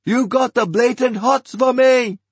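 A man's voice: very high-pitched, measured pace, husky, no echo, voice pushed up, heavily acted. A man voicing a cocky, crude teenage boy who teases. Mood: teasing.

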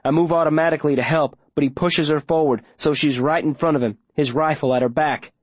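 A man narrating a first-person audiobook in a low, steady storytelling voice. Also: fairly quick, no room sound.

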